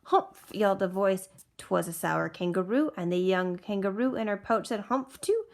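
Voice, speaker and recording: A woman teacher reading a rhyming picture book aloud in a rhythmic, expressive way. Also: medium pitch, normal speed. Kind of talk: storybook read-aloud.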